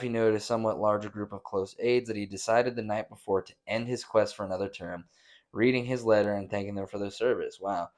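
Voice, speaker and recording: A man's voice: lowish voice, a little mellow. A young man, hosting a casual podcast, reading news aloud and breaking into profane, mocking rants with exaggerated voices. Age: young adult. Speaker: podcast host. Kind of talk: casual rant reacting to news.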